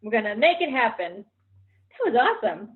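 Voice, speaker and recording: A woman's voice: a little high, big pitch swings, fairly quick. A woman acting teacher, bubbly and enthusiastic, interviewing a student over a video call. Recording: tinny video-call audio.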